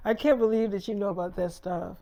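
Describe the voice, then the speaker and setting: A man voicing a famous young woman singer who is shy and embarrassed, talking quietly and hesitantly in an improvised freestyle role-play. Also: high voice, fairly even intonation, fast.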